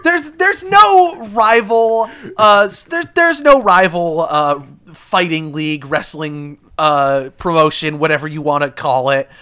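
A man's voice: on the high side, expressive, a little slow, hardly any pauses, pushed and bright, smooth. A man co-hosting a comedy podcast, rambling and swearing freely with many fillers. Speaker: podcast co-host, game pitcher. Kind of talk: casual comedic chat.

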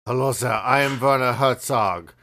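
A man on a comedy podcast doing a slow, deadpan impression of a grim male filmmaker who keeps announcing himself. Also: medium pitch.

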